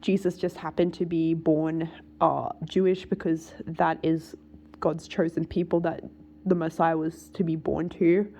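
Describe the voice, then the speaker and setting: A woman with a lowish, gravelly voice and a dark, mellow tone talks straight to camera. She rambles casually, filling her speech with "like" and pressing her points with emphasis. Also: little pitch movement, measured pace, a little hiss or hum. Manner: rambling, full of "like" fillers, emphatic. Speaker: vlogger.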